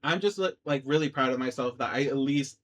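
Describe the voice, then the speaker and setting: A man's voice: medium pitch, a little fast, slight background noise. A man vlogging casually to camera, rambling in a chatty, self-deprecating way through a cheap microphone. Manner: chatty and self-deprecating, with many fillers like "dude" and "like". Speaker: vlogger starting a gaming channel.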